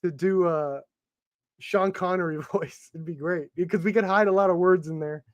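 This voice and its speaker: A man's voice: high voice, moderate pace, dry recording, muffled recording. A man hosting a casual stream chat, laughing and swearing as he makes up rhyming lyrics on the spot. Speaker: host. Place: live stream call with chat.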